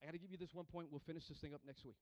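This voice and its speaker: A man's voice: a little high, fairly even intonation, rapid-fire, dry recording. A man preaching a sermon as pastor, calling for responses from the congregation and often repeating words and restarting lines as he goes.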